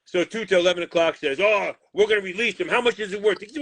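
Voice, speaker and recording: A man's voice: high voice, quick pace, no echo. A man, a boxing manager, bluntly retelling a deal gone wrong with lots of swearing and quoted back-and-forth. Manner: profane, blunt, animated retelling with quoted voices. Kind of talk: heated storytelling interview.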